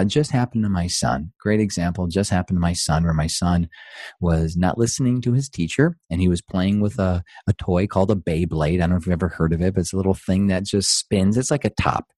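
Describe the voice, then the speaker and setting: A man's voice: sits low, a little mellow, no echo. A middle-aged man, a guest in an interview, speaking in an earnest, motivational way full of rhetorical questions. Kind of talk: conversational interview.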